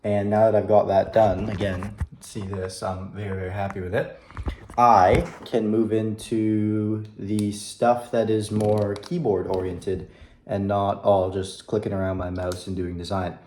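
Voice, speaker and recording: A man's voice: fairly low pitch, flat delivery, a little slow, a little mellow, slight background noise. Upbeat young man vlogging in echoey room. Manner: upbeat, rambling, self-talk with fillers. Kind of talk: casual video diary. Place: room at his computer.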